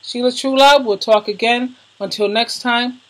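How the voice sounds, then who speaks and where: A woman YouTuber recommends videos in casual vlog chatter, effusive and emotional with slangy emphasis, addressing listeners as darling. Her husky voice sits a bit high, her tone stays steady and her pace moderate. The recording is rough.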